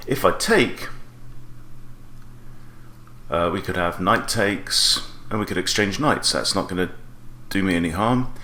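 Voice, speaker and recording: A man's voice: low voice, measured pace, pauses often, reverberant, slight background noise. A man coaching chess, thinking aloud as he plays and weighing each move, often stopping to correct himself. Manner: analytical, weighs moves out loud, self-correcting. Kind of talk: thinking aloud while playing a chess game.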